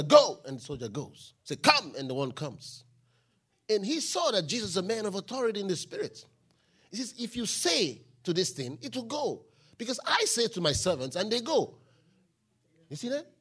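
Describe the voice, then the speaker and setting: Animated, bright-voiced man preaching. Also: high voice, slightly rough. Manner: Bible reading with call-and-response, rising to shouted declarations. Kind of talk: sermon.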